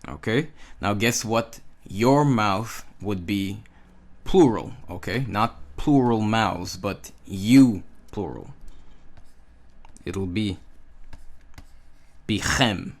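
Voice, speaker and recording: A man's voice: lowish voice, drawn-out words, long pauses. A man giving a language lesson, patiently repeating words and checking with the listener. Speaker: Hebrew teacher. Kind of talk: slow, drilling language lesson.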